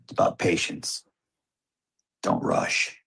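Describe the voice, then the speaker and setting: A man's voice: extremely low pitch, very animated, slow pace, creaky, a bit bright, breathy edge. A man telling a hunting story as a father, recounting it vividly and acting out the exchanges. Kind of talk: recorded storytelling.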